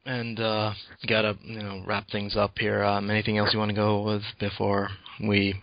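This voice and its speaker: A man's voice: lowish voice, monotone, normal speed, creaky, no room sound, muffled recording. A man interviewing a guest casually, hesitant and full of ums.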